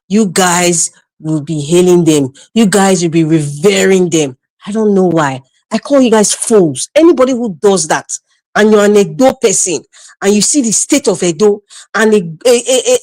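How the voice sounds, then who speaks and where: A woman with a Nigerian accent delivers outspoken political commentary on a live stream, blunt and laughing often. Her mid-range voice has no room sound, captured through a video call microphone.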